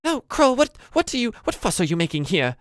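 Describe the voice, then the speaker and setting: A man voicing an aging, flustered little female goblin maid in a shrill voice. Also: very animated, brisk, no room sound, studio quality.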